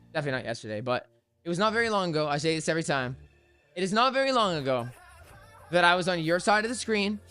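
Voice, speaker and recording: A young man hosts a trading livestream in a casual, hyped way, talking straight to his viewers. His voice sits high and bright with a smooth, clear tone, and he sounds tired. Soft music plays faintly behind him. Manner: chatty and hyped, talks straight to chat. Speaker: crypto trading livestream host.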